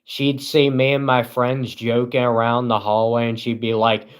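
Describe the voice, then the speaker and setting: A man's voice: medium pitch, steady tone, measured pace. A man live streaming, rambling in a self-deprecating, giggly way. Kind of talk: casual live-stream chat.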